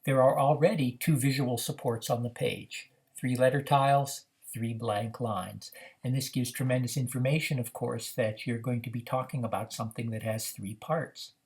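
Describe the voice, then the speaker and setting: A man teaching how to run a reading activity, explaining in a measured way with frequent "uh" fillers. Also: medium pitch, fairly even intonation, darkish tone. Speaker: reading program instructor. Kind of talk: instructional demonstration.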